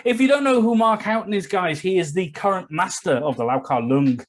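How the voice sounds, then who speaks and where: A man co-hosting a casual podcast chat, animated and jokey as he reads out comments. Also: sits high, fairly quick. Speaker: podcast co-host.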